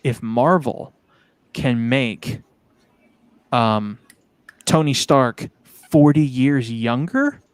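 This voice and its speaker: A man's voice: medium pitch, lively intonation, extremely slow, pauses often, smooth. A man in a mid-range voice presses his argument in a casual group chat, piling up rhetorical questions. The sound is dry and close, with no room echo. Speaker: guest.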